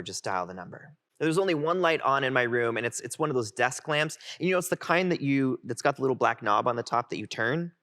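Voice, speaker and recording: A man in his twenties giving a heartfelt keynote, telling his own story in an animated way. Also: medium pitch. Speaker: keynote speaker. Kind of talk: personal storytelling talk. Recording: music playing underneath.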